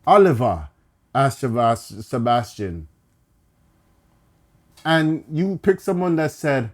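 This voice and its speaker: A man's voice: medium pitch, lively intonation, slow pace, pauses often. A man co-hosting a podcast in casual chat, emphatic and repeating his points. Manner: emphatic, pleading, repeats himself. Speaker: podcast co-host.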